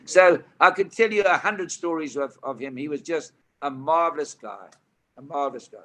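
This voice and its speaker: A man in his eighties with a South African accent, telling stories as a guest, lively and emphatic. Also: fairly high pitch, normal speed. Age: 80s. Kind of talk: animated storytelling.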